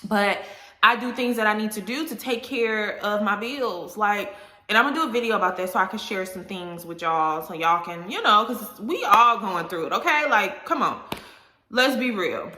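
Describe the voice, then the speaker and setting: A woman's voice: medium pitch, lively intonation, moderate pace, bright, forceful tone. Candid woman vlogging in an echoey room. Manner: candid, emotional, talks straight to viewers. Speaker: vlogger and content creator. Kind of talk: candid casual vlog talk.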